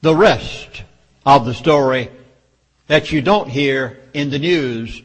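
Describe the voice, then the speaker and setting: Slow-paced with a mid-range voice, a Southern US speaker gives an urgent, emphatic lecture to a public meeting. His audience is in a hall that produces long reverb.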